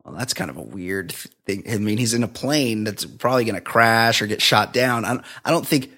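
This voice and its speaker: A man's voice: lowish voice, a little fast, sharp tone. Chatty man recapping a movie. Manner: laughing, rambling plot recap with quoted lines. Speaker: podcast host. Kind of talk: casual movie review chat.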